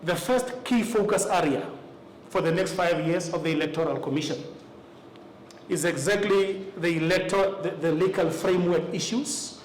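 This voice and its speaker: Namibian man giving a formal briefing. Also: high voice. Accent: Namibian English. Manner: measured, deliberate delivery with frequent "uh" pauses. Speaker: electoral commission official presenting to party representatives. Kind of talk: formal meeting presentation. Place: meeting room. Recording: echoey room, faint ambient noise.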